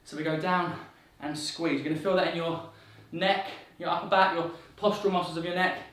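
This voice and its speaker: A fitness coach leads a guided workout, upbeat and encouraging, counting reps while slightly out of breath. His voice is on the high side, fairly even in intonation, brisk, and a bit bright. He's far from the mic in a very echoey room.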